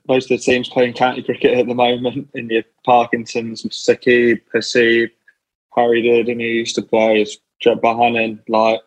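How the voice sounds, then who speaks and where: A young man speaks as a guest on an interview podcast. His delivery is plain and halting, and he returns to the same stock phrases. His voice stays flat with little melody. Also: mid-range voice, highs cut off. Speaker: guest cricketer. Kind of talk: interview answers.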